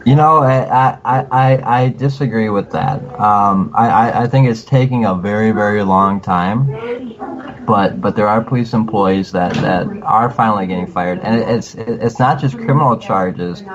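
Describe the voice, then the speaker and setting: A man giving advice as a podcast guest in casual talk, halting and repeating words as he restarts his sentences. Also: on the low side, crowd noise. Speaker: podcast guest, cop watcher. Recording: dull lo-fi audio with faint noise.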